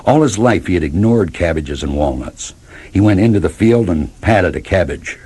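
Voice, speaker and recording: A man reads a children's story aloud in a lowish, husky voice. His delivery is lively, and his pitch moves widely from line to line. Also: normal speed. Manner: lively expressive reading. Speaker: narrator.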